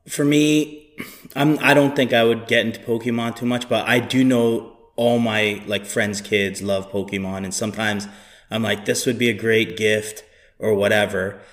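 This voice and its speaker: A man asking questions in a casual chat, hesitant and halting. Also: on the low side, fairly even intonation. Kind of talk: casual conversation.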